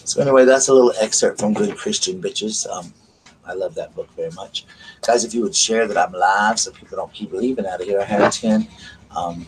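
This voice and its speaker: A man, hosting a livestream and speaking quietly and slowly in a gentle ASMR murmur while reading aloud and chatting. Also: fairly low pitch, a little hiss or hum, poor audio. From South Carolina. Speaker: livestream host. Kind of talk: soft-spoken ASMR reading and chat.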